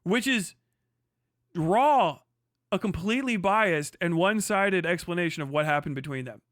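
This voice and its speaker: A man's voice: high voice, lively intonation, moderate pace, a bit bright, no echo, studio quality. A man ranting on a live stream, reacting to a video with profane, mocking commentary.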